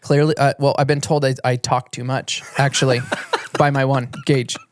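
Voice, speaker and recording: A man's voice: medium pitch, flat delivery, normal speed, no echo. Rambling man swearing through stories. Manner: rambling, many restarts, swears freely. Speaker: podcast guest, retired motocross champion. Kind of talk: casual storytelling chat.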